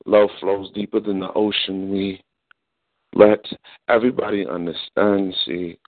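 A man performing slow, sensual spoken word poetry in a hushed, unhurried voice. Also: little pitch movement, dry recording. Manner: low, hushed, unhurried delivery. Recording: dry phone-line audio.

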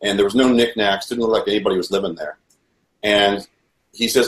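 A low-voiced man tells his story in first person, earnest and halting, often restarting his sentences. The sound rings in a roomy, echoing space. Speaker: guest telling his story. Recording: roomy echo.

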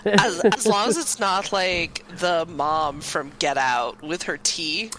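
A woman co-hosting a podcast, chatting in a lively, giggly way. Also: on the low side, takes it slowly, a crowd in the background, poor audio. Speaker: podcast co-host. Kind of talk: casual chat.

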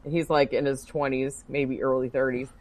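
A woman co-hosting a casual chat, telling a story in a loud, animated and profane way. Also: extremely low pitch, normal speed, a little hiss or hum. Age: adult working as a bartender. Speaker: podcast co-host.

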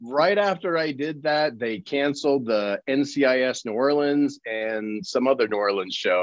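Man, actor guest, from Colorado, lively storyteller, mid-pitched voice, dry lo-fi sound. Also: moderate pace, hardly any pauses, no echo. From Colorado, USA. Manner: lively storyteller, acts out others' lines. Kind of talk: casual anecdote telling.

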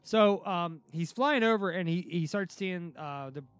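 A man hosting a podcast, telling a story in a casual, excitable way, with frequent restarts and casual swearing. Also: high voice, measured pace, clear, resonant tone. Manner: excitable, many restarts and fillers, swears freely. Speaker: podcast host.

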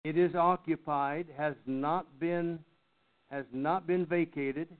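An older man teaching a Bible study lesson, speaking haltingly and often clearing his throat. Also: on the high side, steady tone. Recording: tinny phone-like sound.

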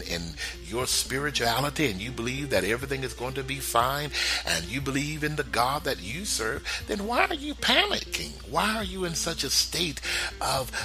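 Male inspirational radio host. Animated and encouraging, chuckles often, faint music behind. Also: mid-range voice. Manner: lively, chuckling, speaks straight to listeners. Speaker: spiritual talk show host.

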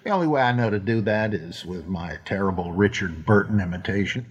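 A man's voice: lowish voice, lively intonation, a little fast, few pauses, breathy edge. An older man hosting a podcast and answering listener questions in a casual, wry, self-deprecating way, rambling with frequent restarts.

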